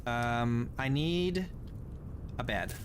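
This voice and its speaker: A man giving jokey, wry let's play commentary, sometimes bursting into loud laughing yelps and coughing now and then. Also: medium pitch, animated, very slow, slight background noise. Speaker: gaming YouTuber.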